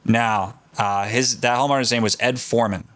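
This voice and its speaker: A man hosting a podcast, telling a story in casual, profane and excited chat. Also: mid-range voice, fairly quick, dry recording. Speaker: podcast host.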